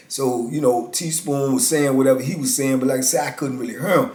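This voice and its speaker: A man's voice: mid-range voice, a little fast, few pauses, a little mellow, reverberant. A man in his fifties casually telling a story in a laid-back, slangy way, peppered with "you know.".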